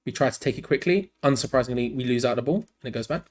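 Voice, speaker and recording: Male host, tired, live fan commentary over a match, loose and rambling, medium-pitched voice. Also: quick pace. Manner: rambling and frank, cutting between play-by-play and asides. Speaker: host of a fan channel watch-along.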